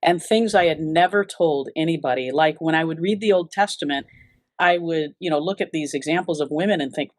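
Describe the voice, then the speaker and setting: A woman's voice: deep voice, normal speed, dry recording. A woman giving an earnest, reflective personal testimony in an interview, often restarting her sentences. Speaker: interview guest.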